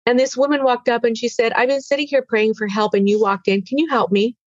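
Earnest woman with a halting, tearful voice. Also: a little high, fairly even intonation, no room sound, dull audio. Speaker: interview guest. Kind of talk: emotional personal testimony.

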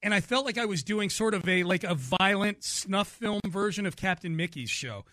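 A man's voice: high voice, normal speed, sharp tone, dry recording, studio quality. A man hosting a radio talk show, chatting casually and often laughing with his co-host.

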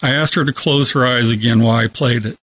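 A man calmly telling a reflective story as a guest on a radio talk show. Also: medium pitch, fast talker, highs cut off, slight background noise. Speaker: hospice worker telling a story.

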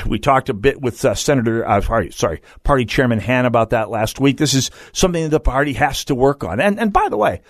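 A man hosting a political talk radio show, emphatic and quick to restart his sentences. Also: mid-range voice, no echo, clean studio sound. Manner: animated, emphatic, frequent restarts. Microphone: studio microphone.

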